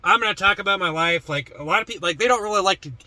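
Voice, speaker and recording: A man's voice: high voice, rapid-fire, sharp tone, no room sound. A man vlogging in casual chat to the camera, rambling with lots of fillers and restarts.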